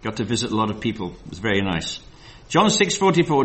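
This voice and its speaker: Man preaching, slow emphatic scripture reading. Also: lowish voice, sing-song, a bit bright. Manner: reads scripture slowly and emphatically, loose asides with fillers. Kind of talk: sermon, Bible study.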